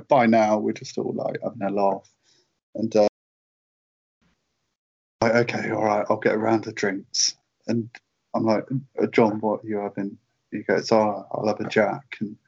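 A British man near forty, guesting on a chat show, with a fairly low voice. He rambles through anecdotes with fillers and easy laughter. The sound is dull and lo-fi, like a remote call. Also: a little mellow, breathy edge. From United Kingdom. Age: late 30s. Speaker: guest, merchandise writer. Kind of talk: casual anecdote in interview.

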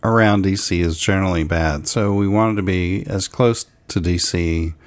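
A man's voice: low-pitched, moderate pace. Matter-of-fact man co-hosting a chat. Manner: matter-of-fact, fills in details. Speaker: podcast co-host and parent. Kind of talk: casual conversation.

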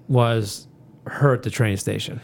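A man's voice: medium pitch, fairly even intonation, slow pace, creaky. A man who is a guest on a chatty podcast, talking bluntly and casually and swearing freely. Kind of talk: casual chat.

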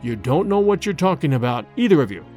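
A man's voice: on the high side, sing-song, fast, darkish tone, soft background music. A man voicing a stern grown son who gives firm, curt orders that allow no argument.

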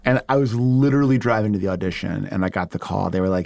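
A man talking animatedly in a casual interview, with a gravelly, creaky edge to his voice. The sound is close and dry, with little room behind it. He rattles off stories full of asides, restarts and bursts of laughter. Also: fairly low pitch, rapid-fire, few pauses, darkish tone, dry recording. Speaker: actor and screenwriter guest.

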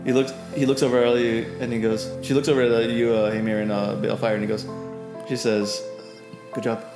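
A man's voice: mid-range voice, flat delivery, a little fast. A man running a tabletop game as game master, narrating in a rambling way with many fillers. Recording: roomy sound with music behind.

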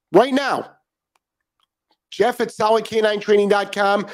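A middle-aged man hosting a live dog training show, ranting with profanity and repetition, then chatting more calmly with viewers. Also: high-pitched, measured pace, pauses often. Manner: calmer chatty greeting of commenters. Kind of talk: ranting live stream monologue.

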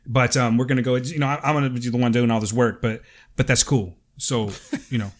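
A man's voice: medium pitch, fairly even intonation, brisk. A man hosting a podcast, chatting casually, teasing his co-host and reading listener emails. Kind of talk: casual chat.

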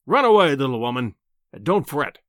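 A man voicing a pompous, booming older male professor who talks down to his listener in an audiobook reading. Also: sing-song, brisk, a bit bright, no echo, studio quality. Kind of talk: audiobook character voice.

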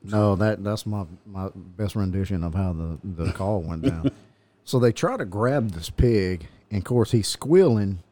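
A man with a low, dark, mellow voice tells a rambling story in casual conversation. He is a police officer who often chuckles as he goes. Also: lively intonation, a little slow. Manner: chuckling, meandering anecdote-telling.

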